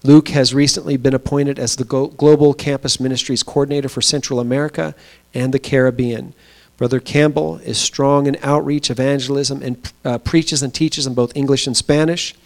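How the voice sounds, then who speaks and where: Male pastor, mid-pitched voice, chatty storytelling sermon delivery. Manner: storytelling, conversational with pauses and fillers. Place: small church.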